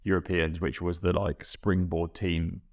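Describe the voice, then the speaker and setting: A young man, a guest rower, reflecting in a halting, self-correcting way in a casual podcast interview. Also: deep voice, flat delivery.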